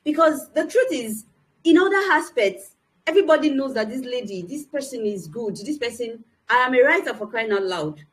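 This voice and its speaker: A woman's voice: on the high side, big pitch swings, moderate pace, rough recording. Earnest woman telling her story. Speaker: motivational speaker. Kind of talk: personal testimony talk.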